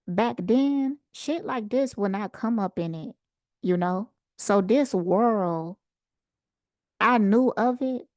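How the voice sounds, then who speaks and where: A woman host casually telling a personal story in an unhurried, animated way. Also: mid-range voice, no echo, studio quality. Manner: unhurried, conversational, animated retelling. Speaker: channel host.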